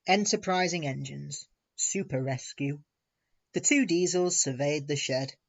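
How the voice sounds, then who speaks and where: A man's voice: a little high, a little slow, gravelly, no room sound, dull audio. Man reading a storybook aloud.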